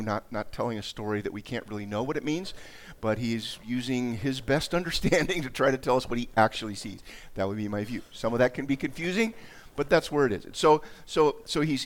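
A man preaching a conversational sermon, often repeating and restarting words and raising his voice when he reads scripture aloud. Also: mid-range voice. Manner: conversational, dramatic rises in voice while reading scripture. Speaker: pastor.

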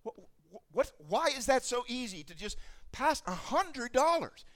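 A man preaching a sermon, telling stories in an animated way and acting out the voices of the people in them. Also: very high-pitched, moderate pace. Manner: animated storytelling, acts out voices. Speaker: pastor.

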